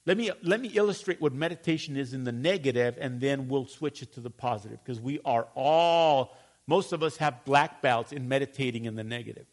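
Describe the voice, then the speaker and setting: A male pastor preaching a sermon, animated and calling for responses from the congregation. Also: medium pitch, fairly quick.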